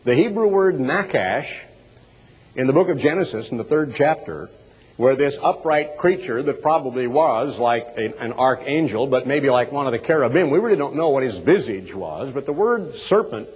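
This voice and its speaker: A middle-aged man preaching a sermon in an animated, sarcastic way, with mocking asides. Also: medium pitch, normal speed, husky, big-room sound, poor audio.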